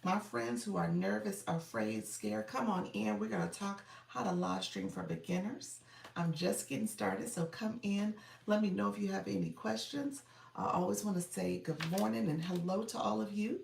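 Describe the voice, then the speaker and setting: A woman's voice: medium pitch, moderate pace, vocal fry, darkish tone, recorded from a distance, slight background noise. A woman streaming live as a coach, chatting casually, greeting viewers by name and laughing often. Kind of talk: casual livestream chat with viewers. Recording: echoey room, voice a bit off mic.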